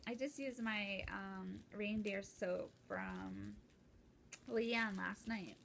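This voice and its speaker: A young woman chatting casually and excitedly while opening a gift at home, rambling with lots of fillers and restarts. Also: mid-range voice, slow, creaky, noisy background. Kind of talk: casual unboxing chat.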